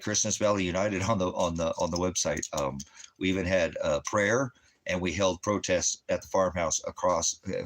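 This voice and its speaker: Low-pitched guy ranting on his channel, rambly, swears nonstop, laughs a lot. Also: a bit bright. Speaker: channel host. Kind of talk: profane ranting monologue.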